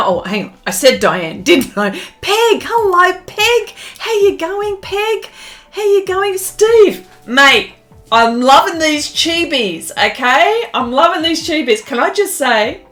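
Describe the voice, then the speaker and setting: A woman's voice: very high-pitched, fairly bright tone. An Australian woman hosting an art live stream in bubbly, casual chat, full of fillers and giggly greetings.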